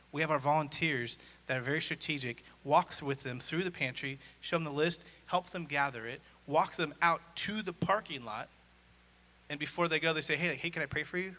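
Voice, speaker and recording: Bright-voiced man speaking on stage. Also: on the high side. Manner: energetic storyteller, acting out dialogue. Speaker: conference speaker. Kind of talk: live presentation talk. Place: on stage in a large hall. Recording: echoey hall.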